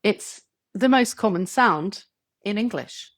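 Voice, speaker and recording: A woman giving a scripted English pronunciation lesson, clear and measured, stretching example words to show stress. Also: medium pitch, expressive, dry recording, studio quality. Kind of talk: scripted tutorial narration.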